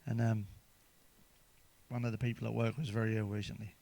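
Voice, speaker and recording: A man's voice: lowish voice, little pitch movement, fairly quick, gravelly, warm tone. A man telling crude stand-up jokes in a chatty, swearing manner, ending with tag questions. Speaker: stand-up comedian.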